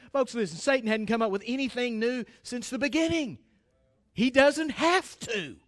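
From the pulpit, a U.S. pastor delivers a sermon in a high, fairly bright voice that's unusual for a man. Addressing the congregation head-on, he presses his points insistently, tripping over words and starting phrases again.

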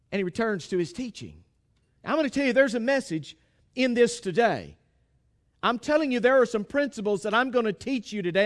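A pastor giving a sermon, retelling a Bible story with humour and acting out the dialogue. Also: male voice, very high-pitched.

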